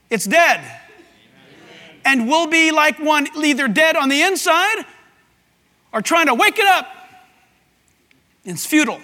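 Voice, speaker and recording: Man preaching, high voice, animated, shouts for emphasis, long hall reverb. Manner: animated, bursts into shouts to act out scripture. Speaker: pastor. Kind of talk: sermon.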